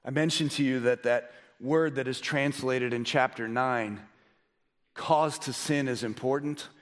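A man preaching a sermon as a pastor, swinging from hushed, quiet passages to loud, emphatic ones. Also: medium pitch, steady tone, unhurried. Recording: echoey hall reverb.

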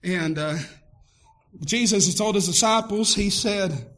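A man preaching with a very high, sharply bright voice. He pastors with impassioned fervor, often climbing into shouts. His colors every line of the sermon. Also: a little slow. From Tennessee, US.

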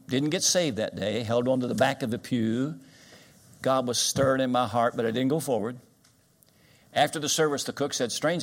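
Older Kentucky preacher telling stories. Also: male voice, medium pitch. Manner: folksy storytelling, plain-spoken. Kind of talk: sermon.

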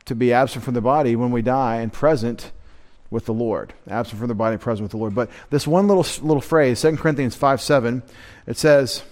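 A man's voice: mid-range voice, a little fast, darkish tone. A man giving a midweek Bible teaching, explaining a verse with many fillers and restarts, stumbling over his Greek pronunciation. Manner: unpolished Greek pronunciation, self-deprecating asides. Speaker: pastor.

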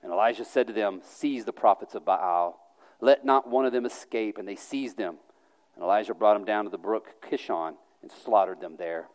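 A man's voice: on the low side, brisk, darkish tone. Man, scripture reader, resonant voice, earnest and emphatic, long hall reverb. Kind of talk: reading scripture aloud.

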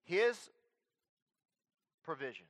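A male preacher delivering a sermon, swinging between loud emphatic declarations and quiet earnest appeals. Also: on the high side, very animated, drawn-out words.

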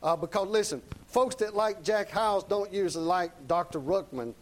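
A male preacher delivers a sermon in a folksy, down-to-earth manner. His voice sits slightly high for a man. He keeps turning to the congregation with short tag questions. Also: normal speed, rough recording.

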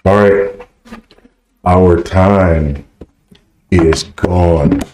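A low-pitched man answers questions at a conference, pressing his points hard and tagging them with quick checks for agreement. His voice rings through an echoey hall. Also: darkish tone, a little hiss or hum. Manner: emphatic, checks understanding with repeated "right?". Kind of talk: Q&A teaching.

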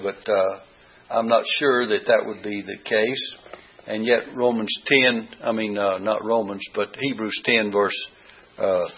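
A man's voice: on the low side, fairly bright tone, breathy edge. A man teaching a Bible study lesson, reading verses aloud and repeating key words with rising emphasis. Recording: dull lo-fi recording.

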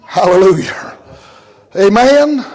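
A male preacher delivers a fervent sermon in a strikingly high voice. He often shouts, breaks into short laughs, and scatters amens and hallelujahs between his lines. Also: expressive, takes it slowly.

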